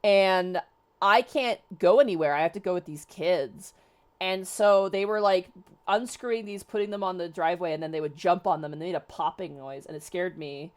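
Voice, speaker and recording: A woman's voice: fairly low pitch, normal speed. A young woman host telling a personal story in casual chat, rambling with many fillers and restarts. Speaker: streamer host.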